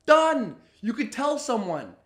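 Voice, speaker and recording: A man with a high voice rants through a reaction commentary, exasperated and profane. He mocks what he hears. The room around him rings with echo. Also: sing-song, slow pace, fairly bright tone. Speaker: commentary host. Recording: roomy echo.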